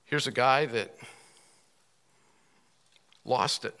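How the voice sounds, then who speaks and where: Slow, bright-voiced preacher in a reverberant hall. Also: male voice, medium pitch. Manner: reads scripture aloud slowly, rising emphasis, frequent throat clearing; asks the audience pointed questions. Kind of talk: sermon. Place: room with listeners.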